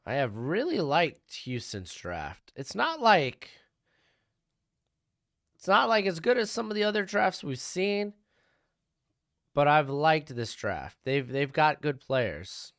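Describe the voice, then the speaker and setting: A man's voice: a little high, very animated, slow, pauses often, fairly bright tone. Chatty man reacting live to the draft. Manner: chatty, answers chat questions, offhand opinions. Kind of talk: casual live-stream commentary.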